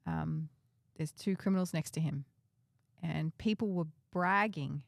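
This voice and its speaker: A woman's voice: lowish voice, a little slow, gravelly, dry recording, clean studio sound. A woman co-hosting a casual Bible discussion, reading a passage aloud and asking questions. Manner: reads the passage aloud, asks questions, laughs easily. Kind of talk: casual Bible study chat.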